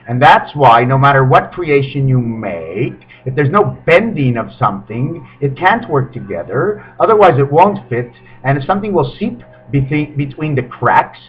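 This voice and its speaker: A man talking in a rambling spiritual monologue to his webcam, his pitch swinging suddenly between high and low. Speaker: webcam video maker. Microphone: webcam microphone. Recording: dull lo-fi webcam audio.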